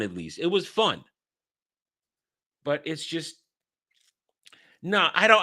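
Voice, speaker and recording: A man in his thirties or forties rants straight to his audience, exasperated and mocking, tripping over his own words as he restarts. His voice sits a little high and sounds sharp and tense. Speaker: host. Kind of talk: casual commentary rant.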